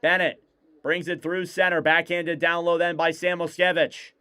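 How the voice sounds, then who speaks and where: A man with a smooth, clear voice that sits a little high for a man delivers live hockey play-by-play. He fires off rapid, clipped calls and lifts his voice whenever a shot goes in. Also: flat delivery, pushed and bright. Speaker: play-by-play commentator.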